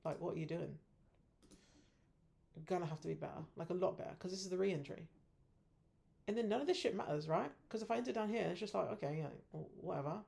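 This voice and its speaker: Gravelly, self-scolding woman trader. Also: fairly low pitch, fast, long pauses, a little mellow. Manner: self-scolding, frustrated, blunt, swears casually. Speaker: options trader reviewing own trades. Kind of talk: casual weekly trade review.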